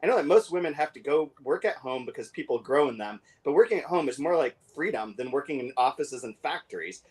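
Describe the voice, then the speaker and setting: A man co-hosting a casual book discussion, talking with many fillers and restarts and reading passages aloud quickly. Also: mid-range voice, animated, breathy edge. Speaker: podcast co-host.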